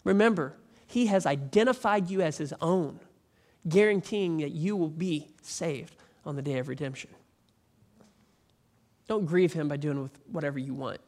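A male pastor delivering a conversational, animated sermon that builds to emphatic peaks. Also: on the high side, normal speed. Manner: animated, rising to emphatic near-shouting peaks; conversational preaching with repeated restarts.

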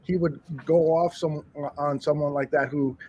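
Husky-voiced man telling animated sports stories. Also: fairly high pitch, moderate pace. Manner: animated storyteller, many restarts. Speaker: podcast co-host. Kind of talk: casual sports talk. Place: studio bar room.

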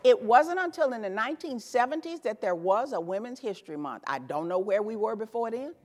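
Woman, 50s, from Tennessee, high voice, emphatic motivational keynote speaker, stage mic in a reverberant hall. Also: brisk. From Tennessee, USA. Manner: animated, emphatic, punchy repeated phrases. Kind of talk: motivational speech. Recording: echoey hall with long reverb.

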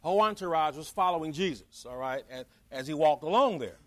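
A man's voice: a little high, lively intonation, fast talker, a bit bright. A man preaching a sermon in a folksy, conversational way, acting out the voices of the people in his story.

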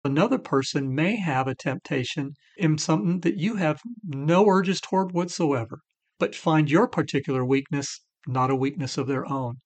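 A man's voice: on the high side, normal speed. A middle-aged man co-hosting a faith-based recovery talk, sharing his personal testimony earnestly. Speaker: recovery podcast co-host.

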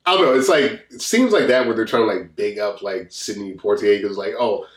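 A man's voice: on the low side, a little fast. Laid-back man chatting about films. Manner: laughing often, loose and rambling with many fillers. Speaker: podcast co-host. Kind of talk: casual film review chat. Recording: echoey room.

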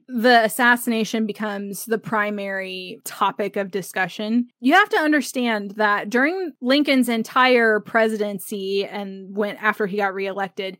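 A woman's voice: mid-range voice, fairly bright tone, dry recording, clean studio sound. A woman hosting a livestreamed book club, talking casually and chattily with many "like" fillers.

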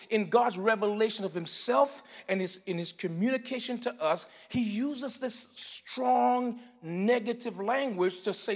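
A male pastor delivers an animated sermon in a high, lively voice. He shifts between shouted emphasis and soft, explanatory asides. The sound rings with long reverb from a church hall. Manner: animated preaching, swinging between loud emphatic bursts and quiet teaching. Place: church sanctuary.

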